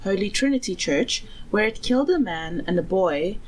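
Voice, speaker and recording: A woman's voice: medium pitch, expressive, moderate pace, poor audio. A young woman from South Africa co-hosting a podcast in casual chat, giggly and self-deprecating. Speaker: podcast co-host.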